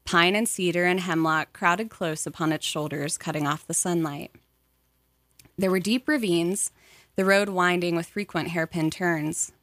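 A woman narrating a memoir audiobook in a measured, even storytelling manner. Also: fairly low pitch, no echo.

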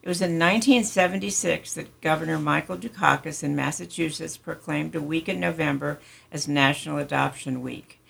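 An older woman with a scratchy voice, a retired doctor hosting a community radio health show in a measured, friendly way. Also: low voice, gravelly, husky.

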